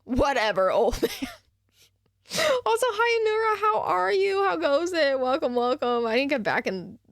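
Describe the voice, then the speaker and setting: A woman's voice: high voice, very animated, unhurried, pauses often, no room sound, studio quality. A young woman streamer ranting and laughing as she reacts to a game, with casual, profane commentary. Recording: game music playing behind.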